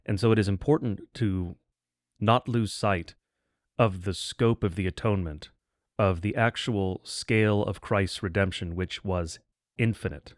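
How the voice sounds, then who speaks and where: A man co-hosting a theological podcast, speaking in a measured, emphatic way. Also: on the low side, no room sound, studio quality.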